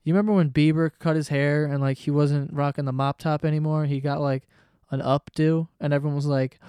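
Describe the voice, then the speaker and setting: A man's voice: a little high, flat delivery, brisk, dark tone, clear, resonant tone, no room sound, clean studio sound. A man hosting a solo podcast in a casual comedic rant, profane, sarcastic and rambling. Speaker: podcast host.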